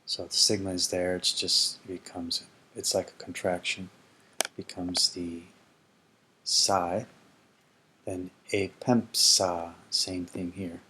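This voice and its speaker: A man's voice: low voice, completely flat delivery, unhurried, sharp tone, a little hiss or hum. A man teaching ancient Greek grammar in a casual explanatory lesson, thinking aloud and correcting himself as he goes.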